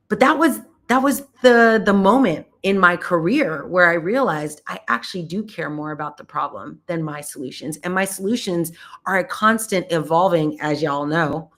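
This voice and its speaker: A woman in her thirties telling a personal work story in a talk, animated and chatty, laughing often and saying "like" a lot. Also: on the low side. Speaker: host.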